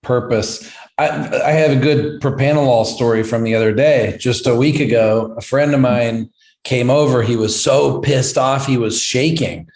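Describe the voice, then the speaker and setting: A man hosting a podcast, telling stories in a lively way in casual chat. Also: medium pitch, normal speed. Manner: animated storytelling with acted quotes. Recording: echoey room.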